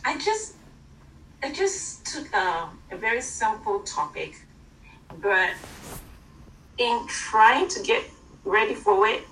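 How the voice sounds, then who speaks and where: A woman with an African accent giving an informal online sermon from home, halting, with many fillers and restarts. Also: fairly high pitch, very animated, fairly bright tone, roomy sound, distant mic, a little hiss or hum, rough recording. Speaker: church teacher.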